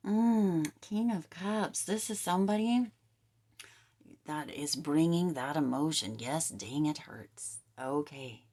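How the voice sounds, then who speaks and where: A woman giving a tarot reading to camera, talking in emphatic, repetitive coaching phrases and now and then dropping to a soft near-whisper. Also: sits low, animated, slow. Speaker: tarot reader.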